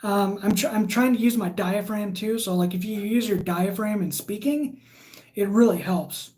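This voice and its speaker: A woman's voice: medium pitch, normal speed, a little mellow. A woman hosting a casual livestream, reading viewer comments aloud and chatting in a rambling way. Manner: chatty and rambling, with frequent fillers. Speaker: livestream host.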